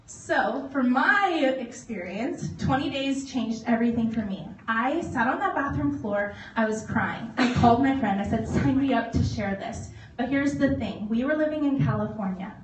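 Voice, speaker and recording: A woman in her thirties giving a personal testimonial to an audience, animated, laughing often and acting out voices. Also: fairly high pitch, moderate pace, hardly any pauses, a little hiss or hum. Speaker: motivational speaker. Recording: echoey hall recorded from far off.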